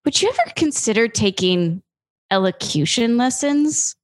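A woman's voice: on the high side, sing-song, measured pace. Giggly young woman in an improv scene. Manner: eager, giggly, self-doubting. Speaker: improv comedian.

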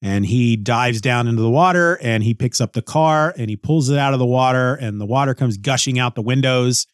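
Casual comic reviewer, male, mid-pitched, dry close sound, musing and self-correcting. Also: brisk, no room sound. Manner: rambling, musing, frequent restarts and hedges.

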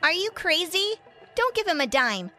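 A woman narrator voicing a calm, blunt teenage girl who speaks defiantly. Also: extremely high pitch, normal speed, soft background music, pitched above the performer's own voice, exaggerated voice.

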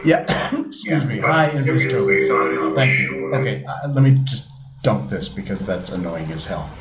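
A man's voice: mid-range voice, animated, moderate pace. Chatty male streamer with echo. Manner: rambling, self-deprecating, chatty. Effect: light added reverb. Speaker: livestream host. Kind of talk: casual live-stream chat. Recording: echoey room, faint hum.

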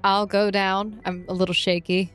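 Brief: woman player, eager and stammering, mid pitch, faint music under. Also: level tone. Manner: quick, eager suggestions with stammering restarts. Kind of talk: casual tabletop game play.

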